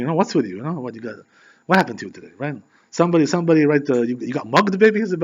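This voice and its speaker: A man who is a rabbi, telling a story in a sermon in an animated, chatty way, full of filler phrases. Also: fairly high pitch, very fast. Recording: dull lo-fi recording.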